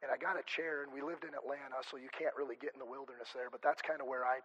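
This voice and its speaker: A man's voice: mid-range voice, steady tone, fast, pushed and bright, husky, lo-fi sound. A male pastor preaching a conversational sermon, chatty and joking, often stopping and restarting mid-sentence. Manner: chatty, self-interrupting, joking asides.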